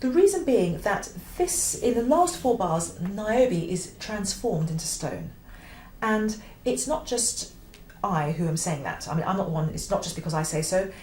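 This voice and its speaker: A woman's voice: mid-range voice, lively intonation, a little slow, darkish tone, slight background noise. Oboe teacher woman in a roomy space. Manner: clear, emphatic, occasionally sings phrases. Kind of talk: instructional explanation.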